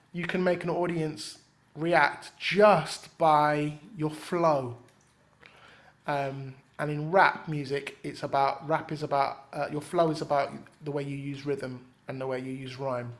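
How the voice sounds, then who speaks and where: A man leading a rap writing workshop in casual teaching talk. He is easygoing, fills gaps with "um" and slips into rhythmic rap examples as he explains. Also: on the high side. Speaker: workshop leader and rapper.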